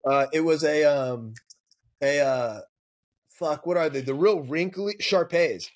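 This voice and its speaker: A man's voice: fairly high pitch, slow. A man on a podcast, a dog trainer telling stories in casual, profane chat. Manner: profane, storytelling, animated.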